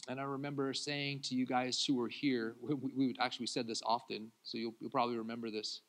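A man, a pastor, preaching a sermon who swings between loud acted-out pleas and quiet confiding talk, laughing often. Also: mid-range voice, little pitch movement, quick pace.

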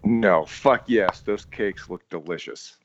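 A man's voice: deep voice, slow, dull audio, a little hiss or hum. A man co-hosting a podcast in casual chat about a movie, sarcastic and contrarian, joking as he goes. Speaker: podcast co-host.

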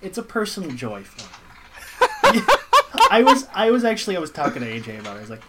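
A man in a casual podcast chat reviewing a movie, animated, swearing freely and laughing often. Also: sits high, fairly quick, very noisy. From Boston area. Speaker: podcast co-host.

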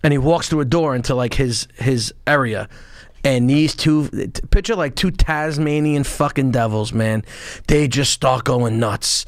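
A man in casual podcast talk, telling profane, animated stories of his past and acting out shouts along the way. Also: mid-range voice, a little slow, no echo. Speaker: podcast guest, former Marine and police officer. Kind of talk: casual storytelling.

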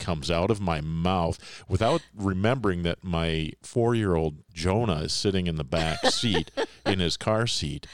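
A middle-aged man co-hosting a podcast in casual chat, telling stories in an animated way and laughing often. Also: low-pitched, dry recording, studio quality. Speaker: podcast co-host.

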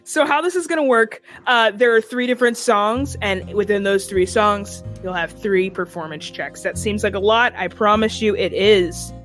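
A woman running a tabletop game over a video call, chatty and quick to laugh. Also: mid-range voice, fairly bright tone, soft background music. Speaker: game master. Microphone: home microphone on a video call.

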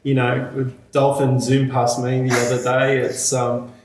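A man's voice: mid-range voice, completely flat delivery, unhurried, darkish tone. A man chatting casually, plain-spoken and enthusiastic. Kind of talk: casual chat. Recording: roomy echo with crowd behind.

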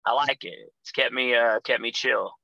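A man's voice: medium pitch, normal speed, vocal fry, pushed and bright, no echo, muffled recording. A young man, a pro wrestler guest, telling rambling road stories in casual chat, swearing constantly. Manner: profane, rambling storyteller.

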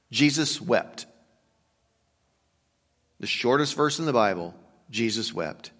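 A male pastor preaching a sermon, moving between hushed, slow reflection and loud, emphatic urging. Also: medium pitch. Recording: long reverb of a large hall.

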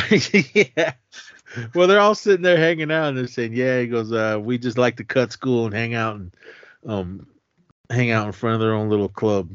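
A man's voice: mid-range voice, steady tone, moderate pace, clean tone, dry recording. A man co-hosting a podcast, casually retelling a film's plot and acting out the characters' lines in raised voices, chuckling as he goes. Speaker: podcast co-host. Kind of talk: casual chat retelling a film. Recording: dry, slightly dull lo-fi audio.

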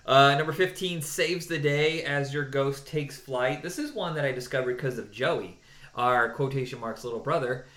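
Casual male podcast co-host, opinionated and animated, mid-pitched voice, echoey room. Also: normal speed. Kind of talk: casual chat counting down songs.

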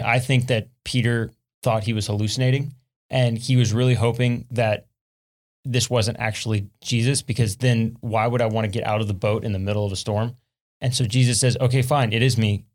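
A man on a faith podcast retelling a Bible story in a relaxed, conversational way. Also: medium pitch, moderate pace. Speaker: podcast co-host.

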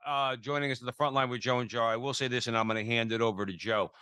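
A middle-aged male radio host with a bright, forceful voice, recorded dry and close to the mic. He speaks bluntly, with a preachy edge. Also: mid-range voice, steady tone, fast, clean tone, dry recording. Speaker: radio talk show co-host. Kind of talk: radio talk show hosting.

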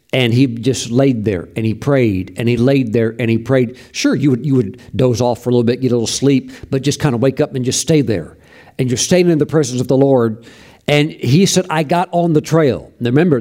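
Fervent preacher man with a warm voice. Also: medium pitch. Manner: fervent, emphatic, with exclamations of praise. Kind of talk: sermon storytelling.

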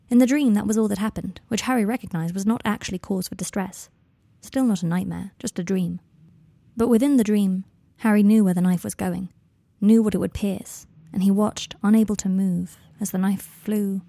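Woman narrating a story in a gravelly voice. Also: medium pitch, mellow, no echo. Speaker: audiobook narrator. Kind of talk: fan fiction audiobook narration.

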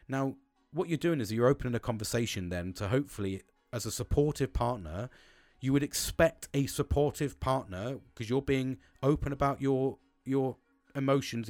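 Sweary blunt man, lively pitch. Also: dry recording, studio quality. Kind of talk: frank casual monologue.

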